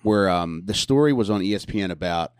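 A man's voice: low-pitched, animated, fairly quick, clean tone, dry recording, clean studio sound. A man, a guest on a comedy podcast, rambling and crude with lots of fillers. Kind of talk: casual comedic chat.

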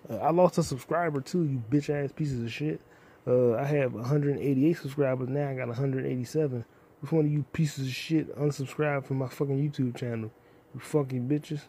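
A young man hosting a solo podcast, rambling in a casual, profane way with sudden loud outbursts. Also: medium pitch, fairly even intonation, normal speed. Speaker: podcast host.

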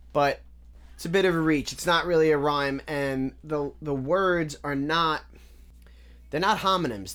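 A man casually breaking down rap lyrics line by line, analytical and repetitive, often restarting his sentences. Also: on the high side. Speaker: music reviewer.

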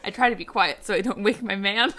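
A woman's voice: mid-range voice, a little fast, sharp tone. A young woman hosting a podcast, reading fan fiction aloud with comic asides and often breaking into giggles. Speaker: podcast host.

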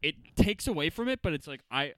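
A man's voice: a little high, sing-song, brisk, fairly bright tone, no room sound. A young man co-hosting a podcast, blunt and opinionated in a laid-back casual chat. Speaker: podcast co-host.

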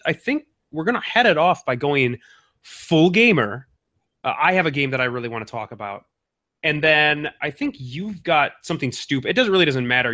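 A man's voice: mid-range voice, pushed and bright. A man from Minnesota co-hosting a podcast, chatting casually and teasing his co-host. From Minnesota, USA. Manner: teasing, joking banter. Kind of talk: casual chat. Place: suburbs of Minnesota.

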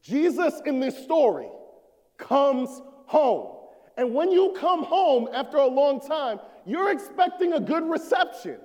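A man preaching a sermon as an associate minister, swelling to shouts and dropping low. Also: big pitch swings, measured pace, long reverb tail.

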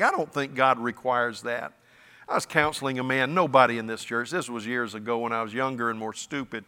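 A man's voice: mid-range voice, sharp tone, big-room sound. A man preaching a sermon as pastor in a folksy, emphatic way, with stammered restarts. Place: church sanctuary.

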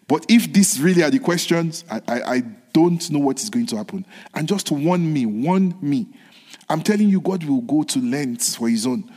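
A man's voice: on the high side, expressive, moderate pace, breathy edge. Man preaching a sermon, earnest, repetitive, dropping to whispers, in a reverberant hall. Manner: earnest, repeats phrases, moves between soft whispered lines and raised ones.

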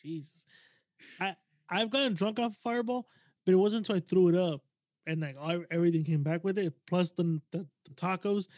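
A man hosting a podcast, joking and teasing as he runs through quick questions. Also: high-pitched, darkish tone. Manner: joking, teasing, laughs while asking questions. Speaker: podcast host. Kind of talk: casual chat.

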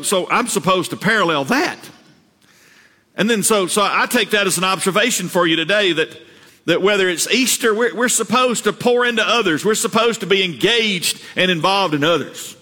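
Preacher guy, bright tense voice, a bit higher pitched, big echoey church hall. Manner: earnest, repeats words and rises for emphasis. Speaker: pastor. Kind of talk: sermon. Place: church sanctuary.

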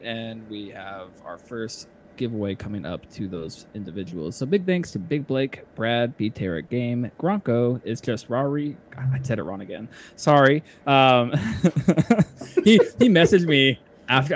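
A man hosting a casual podcast, speaking at an ordinary, middle pitch. He keeps things loose and chatty, laughing often and filling gaps with "um" and quick restarts. A faint hiss sits under the voice. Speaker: podcast host.

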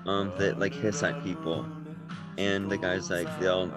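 A man's voice: deep voice, flat delivery, unhurried. A man casually talking about writing his songs, laid-back and rambling, often trailing off mid-thought. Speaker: songwriter discussing his album. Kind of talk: casual chat. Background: music.

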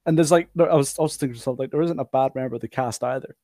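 Halting, chatty male podcast co-host. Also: mid-range voice, mellow, no room sound, studio quality. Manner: halting, many restarts and fillers, laughs often. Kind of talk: casual film discussion.

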